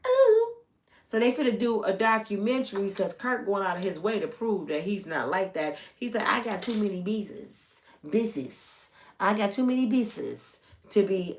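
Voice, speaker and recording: A woman's voice: medium pitch, a bit bright. Chatty gossip lady, middle aged, drawly and teasing, voice jumps all over. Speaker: channel host. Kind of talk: casual gossip commentary.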